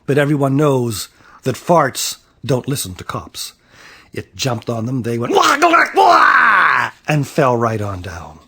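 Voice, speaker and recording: Slow, animated man reading a storybook. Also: mid-range voice, husky. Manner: animated, playful storytelling with slow dramatic pauses. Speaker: author reading his own picture book. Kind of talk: picture-book read-aloud.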